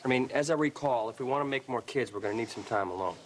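A man playing a playful, smooth-talking husband and musician in a sitcom. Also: medium pitch, quick pace, a crowd in the background, close to an everyday voice. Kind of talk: sitcom acting.

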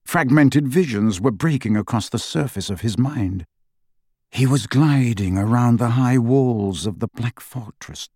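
A man narrating a fantasy audiobook in a dramatic, expressive reading. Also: medium pitch, measured pace, no echo, studio quality.

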